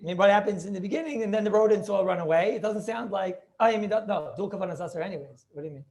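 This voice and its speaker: Guy rabbi on a video call class, kinda gravelly, lots of restarts and questions. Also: high voice, darkish tone. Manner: halting, thinks aloud with many restarts and rhetorical questions. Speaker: rabbi teaching a Talmud class. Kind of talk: casual Torah class over video call.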